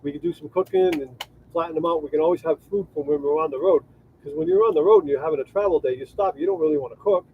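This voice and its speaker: A man rambling through a casual livestream chat, his voice a touch high. The sound is thin and phone-like, with a faint hiss under it. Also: fast talker. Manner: rambling, restarts sentences, thanks viewers. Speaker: co-host of a travel livestream.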